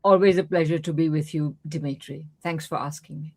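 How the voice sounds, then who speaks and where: A woman's voice: sits low, steady tone, brisk, darkish tone. A woman professor, a guest on an interview over a video call, who starts her answers hesitantly with "um".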